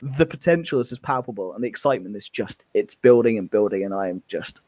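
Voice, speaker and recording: Gushing, excited male podcast co-host. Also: fairly low pitch, fast, dry recording. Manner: gushing, enthusiastic. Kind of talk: casual fan discussion.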